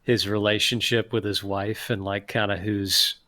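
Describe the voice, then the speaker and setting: Low-voiced man hosting a chatty podcast. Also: moderate pace. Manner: relaxed, rambling, many fillers. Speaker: podcast host. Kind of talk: casual podcast chat.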